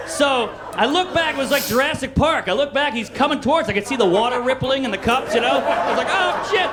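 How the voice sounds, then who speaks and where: A man from Louisiana, a stand-up comedian telling a story and acting out yells and panicked quotes. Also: extremely high pitch, fast talker, over music, a crowd in the background.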